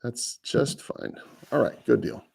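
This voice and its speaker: A man with a lower voice, a real estate agent hosting a live prospecting podcast, talking in a casual, folksy, rambling way with restarts. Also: a little slow, creaky, darkish tone, slight background noise. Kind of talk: live phone prospecting session with coaching asides.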